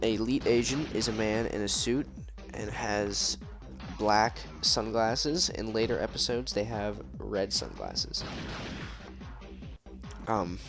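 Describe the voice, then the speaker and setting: A man's voice: on the low side, expressive, takes it slowly. A tired, yawning man casually telling a long story, rambling and repeating himself as he goes. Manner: rambling, repeats words and restarts often. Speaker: storyteller recounting a dream. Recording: music playing clearly behind the voice. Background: music.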